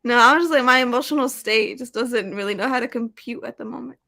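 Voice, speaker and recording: A woman's voice: on the high side, fast, vocal fry, pushed and bright, no room sound, clean studio sound. A young woman as a guest on a casual livestream book discussion, gushing and emphatic. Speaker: booktube guest.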